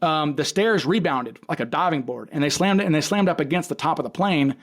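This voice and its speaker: A man's voice: on the high side, lively intonation, a little fast. A man, a podcast guest, casually retelling events in detail, acting out quoted dialogue and often restarting his sentences. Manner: frequent restarts and self-corrections. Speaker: podcast guest, case expert. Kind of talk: casual storytelling.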